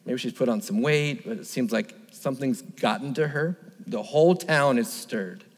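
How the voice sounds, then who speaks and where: Male pastor delivering an emphatic, questioning sermon at a medium pitch, with reverb from a large hall. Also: normal speed. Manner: emphatic, repetitive, asks the listeners rhetorical questions.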